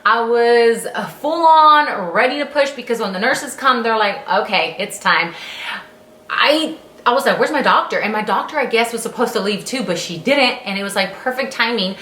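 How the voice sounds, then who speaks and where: A woman's voice: a little high, lively intonation, normal speed, bright, forceful tone, roomy sound, a little hiss or hum. A young adult woman vlogger telling a personal story in casual, candid speech, acting out her own exclamations and swearing freely.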